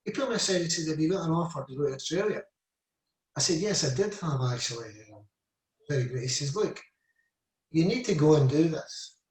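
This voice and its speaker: Recorded from afar in an echoey room, a Scotsman in his seventies, once a footballer, rambles through stories in a relaxed interview, peppering them with "you know" and "I said". His voice runs high and expressive, fairly quick and a little mellow, with frequent pauses.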